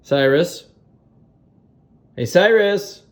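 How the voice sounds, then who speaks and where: A man's voice: high-pitched, animated, very slow. A father filming a family vlog, talking to his young sons in a playful, affectionate, encouraging way. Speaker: father and vlogger. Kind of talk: casual family vlog chat.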